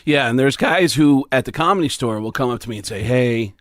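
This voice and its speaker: A man on a podcast telling stories in an animated way, slipping into loud character voices. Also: medium pitch, quick pace, no room sound, clean studio sound. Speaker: comedian guest. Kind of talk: casual podcast conversation. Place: podcast studio.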